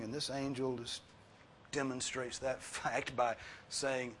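A male pastor delivering a sermon in an earnest, pleading way. His voice sits at an ordinary middle pitch, sinking quiet and low before climbing to loud, high emphasis. A faint hiss runs under the recording. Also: fairly even intonation, unhurried. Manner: drops low and soft, then rises to loud, high emphasis.

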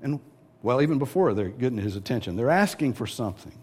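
Male preacher, mid pitch, animated delivery, teaching sermon. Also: fast, slightly rough. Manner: lively preaching, acting out quoted voices. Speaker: pastor.

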